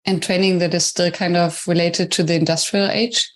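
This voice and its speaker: Podcast host lady, a bit low voice, thinks things through out loud. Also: fairly even intonation, moderate pace. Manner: thoughtful, builds ideas step by step. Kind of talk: conversational interview.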